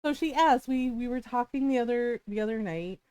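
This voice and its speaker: A woman's voice: a little high, brisk, darkish tone, clean tone, no room sound. A woman streamer telling a long family story to her live chat, chatty and laughing often.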